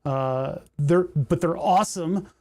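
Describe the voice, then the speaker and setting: A man with a fairly high, slightly mellow voice speaks slowly into a desk microphone, with no room sound. He's hosting a casual livestream from his home workshop, rambling and talking to himself as he works through menus.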